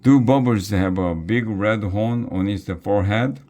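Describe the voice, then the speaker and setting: A sly troll student who taunts and mocks, then turns whiny when he is hurt, as a male storyteller puts him on. The voice sits a little higher than the reader's own deep, slow speech, with a teasing lilt. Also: mellow, close to an everyday voice. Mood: sly questioning. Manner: taunting, mocking.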